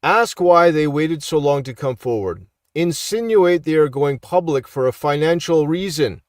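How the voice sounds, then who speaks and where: A middle-aged man with a slightly high voice talks through posts in a loose, preachy commentary. He keeps checking in with his listeners. The sound is dry and close, with little room in it. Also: expressive, normal speed, no room sound. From Canada. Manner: preachy, repeats "all right?" for emphasis. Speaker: street minister and YouTube commentator. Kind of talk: casual live commentary reading online posts.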